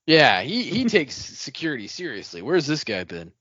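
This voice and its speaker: A man's voice: on the high side, huge pitch swings, moderate pace, bright, forceful tone, no room sound, highs cut off. A man on a podcast who laughs often and tosses in jokey quips in casual chat. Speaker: podcast co-host. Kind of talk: casual book-club chat.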